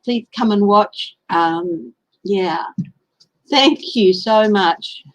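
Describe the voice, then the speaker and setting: A woman's voice: mid-range voice, extremely slow, rough recording. Aussie woman chatting thru a tarot live stream, takes her time, greets folks by name. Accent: Australian. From Australia. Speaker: tarot reader. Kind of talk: casual live-stream reading.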